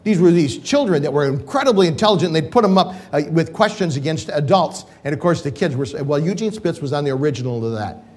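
A man's voice: on the high side, lively intonation, fast talker, hardly any pauses, darkish tone. An older man, a pastor, telling an emotional personal story in a sermon, rambling with restarts.

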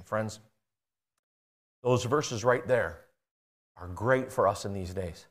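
A man preaching a sermon, reading scripture aloud and speaking earnestly, swinging between emphatic high peaks and quiet low passages. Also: slow, long pauses.

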